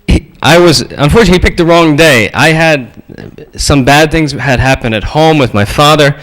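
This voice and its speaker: A male preacher giving a storytelling sermon, animated and acting out the voices in his stories. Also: a little high, moderate pace, poor audio.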